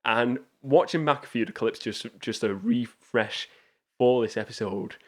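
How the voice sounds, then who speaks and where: A man hosts a casual movie review show, with a middle-pitched voice. He talks with eager enthusiasm, restarting sentences and wandering into asides as he goes. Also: normal speed, darkish tone. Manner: enthusiastic, rambling, frequent restarts. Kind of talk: casual film review commentary.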